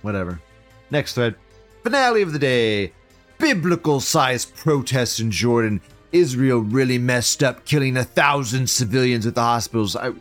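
A man's voice: medium pitch, expressive, normal speed, fairly bright tone, faint music behind. A man hosting a live show, reading chat aloud and ranting in a profane, sarcastic way. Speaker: livestream show host.

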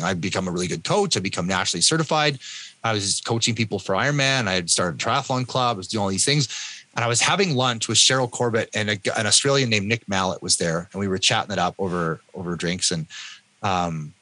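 A Canadian man in his fifties telling his own story in an interview with animated delivery, often acting out the voices of other people. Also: lowish voice. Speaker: guest, endurance athlete and coach.

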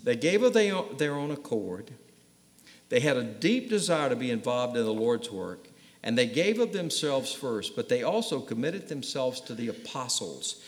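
A man's voice: medium pitch, very animated, normal speed, slightly rough. A man preaching a sermon to his congregation in a church, emphatic and speaking to them directly. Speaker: pastor. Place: church sanctuary. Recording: long reverb of a large hall.

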